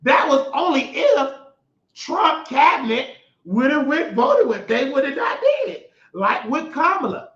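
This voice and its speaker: Slow-talking young male commentary host. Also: very high-pitched, very animated, fairly bright tone. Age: young adult. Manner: emphatic, mocking, slangy. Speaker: show host. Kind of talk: political commentary rant. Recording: roomy, dull lo-fi sound.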